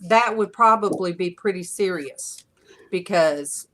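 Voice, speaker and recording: A woman's voice: lowish voice, a little slow, fairly bright tone. A woman hosting a casual online panel chat, telling rambling stories with frequent laughter over a video call.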